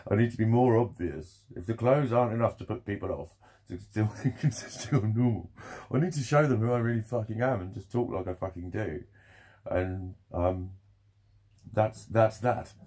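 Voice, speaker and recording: A man's voice: fairly low pitch, warm tone, breathy edge. A young man talking candidly in a rambling, sweary vlog monologue, laughing often.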